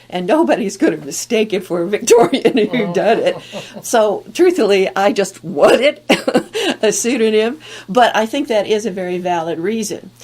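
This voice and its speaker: A woman's voice: mid-range voice, darkish tone. A woman author on a podcast panel, speaking articulately and laughing often. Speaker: author guest. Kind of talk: casual panel chat.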